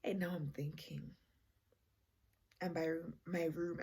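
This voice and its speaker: A woman's voice: lowish voice, normal speed, gravelly, slightly rough. A young woman telling a casual storytime, rambling and chatty and mixing in Setswana phrases. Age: young adult. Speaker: vlogger.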